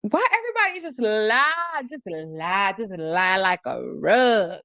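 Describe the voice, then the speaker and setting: A woman's voice: medium pitch, slow, no echo. Sarcastic woman streamer, dry close mic. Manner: animated and sarcastic, laughing often, reading chat comments aloud. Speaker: livestream host. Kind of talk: casual commentary talk.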